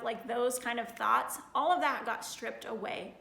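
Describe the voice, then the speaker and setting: A woman's voice: high-pitched, normal speed, creaky, few pauses, bright, forceful tone, roomy sound. A woman in her thirties sharing a heartfelt personal testimony in a casual, earnest way, full of "like" fillers. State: getting emotional.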